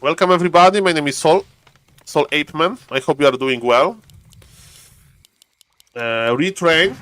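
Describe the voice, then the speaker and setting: Playful male esports caster, slightly high voice. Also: a little slow, a bit bright, no room sound. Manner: playful, acts out players' thoughts in banter. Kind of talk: live game commentary.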